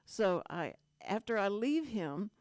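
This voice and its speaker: A woman's voice: mid-range voice, big pitch swings, slow, a little mellow, no echo. An older woman, hosting a radio show and telling a long, rambling, self-deprecating story in casual chat.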